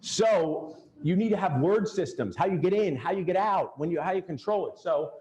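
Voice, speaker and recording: Running a workshop for a room of attendees, a dental practice coach jokes and speaks directly to his audience in an animated way. His voice is high and his speed normal. The echoey room gives the recording a roomy sound.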